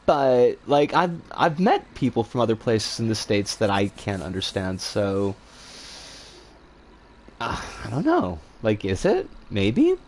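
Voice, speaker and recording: Animated man with a wildly swinging voice. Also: fairly low pitch, slow, slight background noise. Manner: rambling and animated, with casual swearing. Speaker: streamer. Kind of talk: casual chat answering viewer comments.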